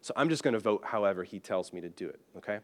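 A British-born man, a pastor, telling a personal story in an animated, self-deprecating and humorous way. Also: lowish voice, very fast. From Britain. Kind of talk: storytelling sermon.

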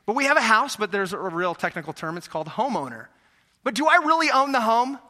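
A man preaching a sermon in a church, animated, acting out voices and asking his listeners questions. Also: high-pitched, fairly quick. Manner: animated, acts out voices, asks the audience questions. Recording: echoey hall reverb.

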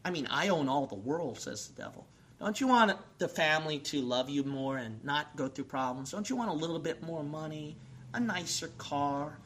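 A man's voice: fairly high pitch, expressive, moderate pace, a bit bright, a little hiss or hum. A man preaching a sermon and leading an altar call, exhorting his listeners with repeated calls. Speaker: pastor.

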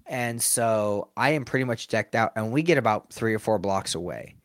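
Speaking at a moderate pace with a fairly low pitch, a sports mascot performer swaps stories in a relaxed interview. He's lively, laughs a lot and acts out quotes, and the recording is dry and studio quality.

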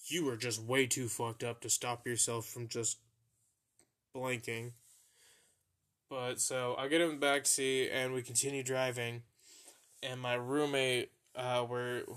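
A man's voice: medium pitch, a bit bright. A young man hosting a podcast, casually telling embarrassing stories, swearing freely and laughing at himself. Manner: profane, laughing at his own embarrassing stories. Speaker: podcast host. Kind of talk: casual storytelling.

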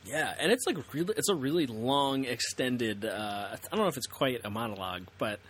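A man's voice: mid-range voice, lively intonation, fairly quick, a bit bright, husky. A young man co-hosting a podcast in an easygoing, agreeable way, laughing as he recounts scenes. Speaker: podcast co-host. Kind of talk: casual chat.

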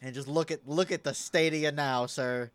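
A man's voice: fairly high pitch, steady tone, moderate pace, dry recording. A man co-hosting a casual podcast chat, teasing his friend and laughing often. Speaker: podcast co-host.

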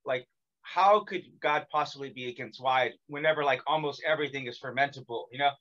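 A man's voice: medium pitch, brisk, sharp tone. Rambling male podcast host, lo-fi sound. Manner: rambling, heavy use of "like". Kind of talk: casual chat over a call. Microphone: remote call.

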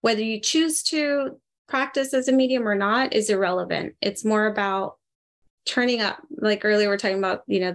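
Chatty woman giving a medium reading. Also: medium pitch. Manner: chatty and animated, breaks into laughs. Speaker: medium, interview guest. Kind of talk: spirit reading in a live group session.

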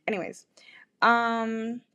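A woman's voice: a little high, level tone, slow pace, bright, forceful tone, smooth, lo-fi sound. A young woman hosting a podcast, telling a rambling, self-deprecating story in casual confessional talk, full of "like" and swearing. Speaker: podcast host.

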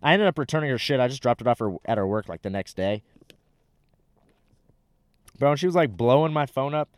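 Young dude rambling thru a story, cussing a lot, lots of "like" and "bro", smooth voice, dry sound. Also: male voice, medium pitch, expressive, brisk, no echo. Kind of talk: casual storytelling.

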